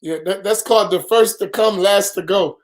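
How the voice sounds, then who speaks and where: A man's voice: high voice, normal speed. A man hosting an interview, chiming in and asking probing questions in casual talk. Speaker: host.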